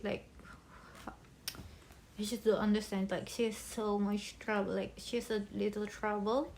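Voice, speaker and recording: A young woman talking about a favorite book in a bubbly, chatty way, speaking English as a second language, with pauses and restarts. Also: mid-range voice, steady tone, darkish tone. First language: not English. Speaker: book vlogger. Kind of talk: casual book chat.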